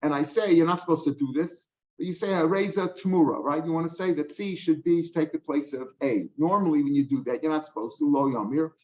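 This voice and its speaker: Older male Talmud teacher, slightly high voice, conversational, checks in often, dull lo-fi sound. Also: brisk, darkish tone. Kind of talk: explaining a Talmud page line by line. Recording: dull lo-fi recording.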